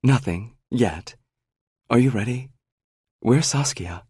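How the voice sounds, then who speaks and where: A man voicing a blunt, protective young woman friend with a brisk, pointed manner. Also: mid-range voice, lively intonation, mellow, breathy edge, no echo, clean studio sound, voice pushed up, full character voice.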